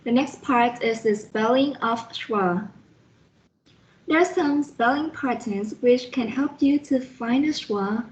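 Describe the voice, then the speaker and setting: Slow, high-voiced woman explaining phonetics. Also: muffled recording. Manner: slow, careful, reads out spellings letter by letter. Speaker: student presenter reviewing a phonetics lesson. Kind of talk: slide-by-slide explanatory lesson.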